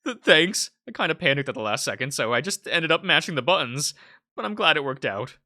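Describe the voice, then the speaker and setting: A man voicing a jumpy young male protagonist who talks high and flustered, stumbling over his words. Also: big pitch swings, a little fast, pushed and bright, full character voice.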